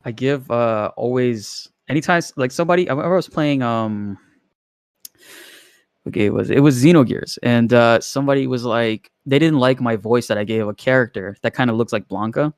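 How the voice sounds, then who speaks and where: A man's voice: mid-range voice, fairly quick, smooth, dry recording, studio quality. A man in a casual gaming chat, telling loose stories and laughing often.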